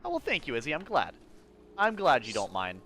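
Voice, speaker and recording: A young man streaming a video game, chatting casually with his viewers, excitable and quick to swear. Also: medium pitch. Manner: excitable, swears often, talks to chat. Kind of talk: casual live-stream commentary.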